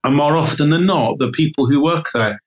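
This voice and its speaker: A man's voice: on the high side, brisk, dull audio. A man, a self-employed decorator, chatting casually on a podcast and telling stories with lots of fillers and restarts. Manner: chatty, warm storytelling with many fillers and restarts.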